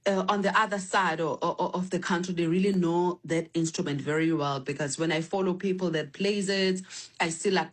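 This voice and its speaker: A woman musician telling stories about her instrument, animated and spiritual, full of restarts and fillers, on a phone line. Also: medium pitch. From South Africa. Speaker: guest musician. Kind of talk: remote interview.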